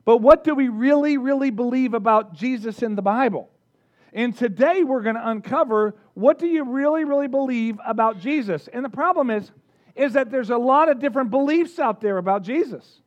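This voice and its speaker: A man preaching a sermon, energetic, drawing the congregation in with questions and call-outs. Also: very high voice, normal speed, highs cut off. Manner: energetic, engages the audience with questions. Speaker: pastor.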